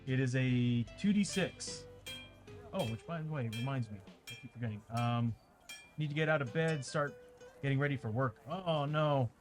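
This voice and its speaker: A chatty man runs a tabletop game on stream, rambling on to his viewers at a middling pitch. His throat sounds dry. Faint ambient music plays softly behind him. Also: normal speed. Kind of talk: casual livestream chat.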